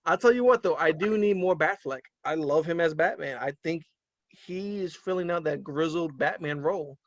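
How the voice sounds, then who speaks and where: Man, casual co-host, a bit high-pitched, dry close sound, opinionated and animated. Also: normal speed, no room sound, muffled recording. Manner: animated, laughs often, trails off with "um". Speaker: podcast co-host. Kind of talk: casual movie review chat.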